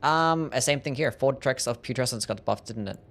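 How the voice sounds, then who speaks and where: A man's voice: medium pitch, normal speed. Laid-back man with a mild Australian accent. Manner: relaxed, jokey, reads and answers chat. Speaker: game streamer. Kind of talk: casual live-stream chat while gaming.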